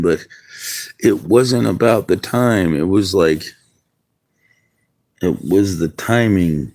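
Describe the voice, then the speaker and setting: A man's voice: deep voice, expressive, a little slow, a little mellow. A man streaming outdoors in the wind, musing aloud in rambling casual chat with viewers. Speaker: livestreamer.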